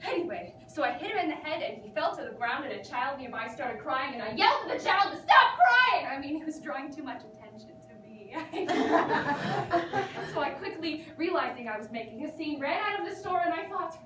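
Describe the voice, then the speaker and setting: A woman's voice: high-pitched, animated, fairly quick. A young woman acting a rambling, neurotic patient who vents to her therapist in a theatrical comic monologue, giggling as she talks. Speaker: actor performing a monologue. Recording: echoey room, distant mic, background noise.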